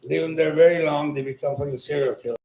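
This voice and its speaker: A fairly high-pitched male voice, steady in tone, fast and a little mellow. He's a stand-up comic at an open mic in a small comedy club, doing crude, profane material, teasing the audience and laughing at his own jokes. The room sounds echoey.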